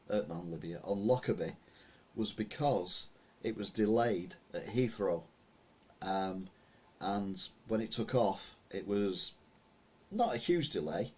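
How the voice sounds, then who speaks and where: A man's voice: on the low side, a little mellow, husky. A middle-aged man giving casual opinion commentary as a podcast host, rambling with lots of fillers and restarts.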